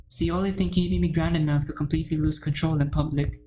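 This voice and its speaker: A woman's voice: deep voice, fairly even intonation, quick pace, low-quality recording. A woman hosting a let's play, reading a visual novel's text aloud and breaking off with shocked, emotional reactions and gasps. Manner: emotional, gasping and swearing in shock between read passages.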